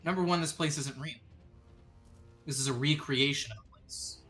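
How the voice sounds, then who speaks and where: Bright-voiced man narrating as game master. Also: fairly high pitch, soft background music. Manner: descriptive, measured storytelling with sudden quick asides. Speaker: dungeon master.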